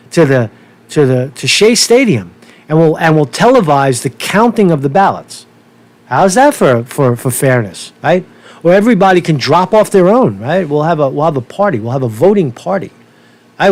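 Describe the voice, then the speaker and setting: A fired-up man rants in a profane, repetitive stream. His voice sits a bit high for a man. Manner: profane, heated, repeats himself. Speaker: political commentary vlogger. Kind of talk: angry political rant.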